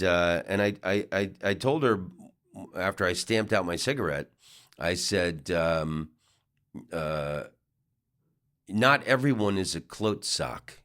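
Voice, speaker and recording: A middle-aged comedian tells a loose, rambling story in a low-pitched voice. His intonation swings up and down, and he keeps circling back with fillers and false starts. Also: a bit bright. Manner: rambling, with many restarts and fillers. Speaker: comedian and podcast host. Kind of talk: casual storytelling monologue.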